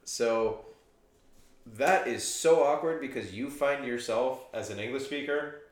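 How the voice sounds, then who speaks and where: A man's voice: medium pitch, unhurried. A man co-hosting a podcast, telling crude jokes and stories in a casual chat, a few beers in. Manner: crude joking storyteller, laughs often. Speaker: podcast co-host. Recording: echoey room.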